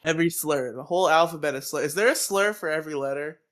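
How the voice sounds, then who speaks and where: A man's voice: fairly high pitch, fast talker. Rambling, profane male podcast co-host. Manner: rambling, profane, animated riffing. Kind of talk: casual chat.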